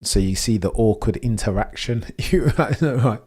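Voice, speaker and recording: Man, live race watchalong commentary, chatty, excitable, low pitch. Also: normal speed, breathy edge. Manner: excitable, chatty, laughs often. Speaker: live stream host.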